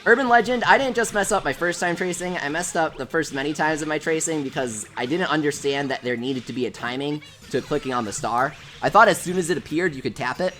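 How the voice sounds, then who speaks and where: An American woman hosts a casual gaming livestream, talking fairly quickly with few pauses in a low, slightly bright voice. She's chatty, reads viewer comments aloud, and gushes over pets.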